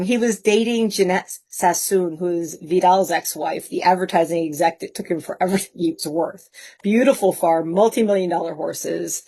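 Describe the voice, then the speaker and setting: A woman in her fifties, a guest telling lively personal anecdotes in a casual way, laughing often. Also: on the low side. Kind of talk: casual storytelling.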